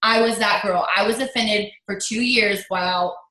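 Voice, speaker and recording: A woman's voice: mid-range voice, normal speed, bright, forceful tone, reverberant, low-quality recording. A woman in her thirties, a team leader giving an emphatic, preachy motivational talk on a video call.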